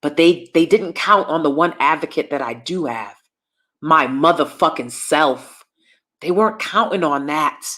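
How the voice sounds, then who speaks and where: A woman vlogger in a personal rant who is blunt and heavy on profanity. Her voice is bright and forceful, and she hits her points hard. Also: low-pitched, animated, unhurried. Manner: calls herself loud.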